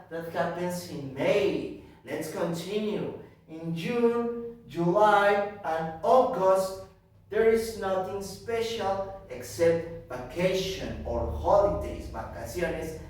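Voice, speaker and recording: Male kindergarten teacher, slightly high voice, patient and deliberate, recorded far from the mic in a roomy space. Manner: slow and deliberate, repeating each point in Spanish; checks in with frequent "okay?". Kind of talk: recorded class for young children. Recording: echoey room, distant mic.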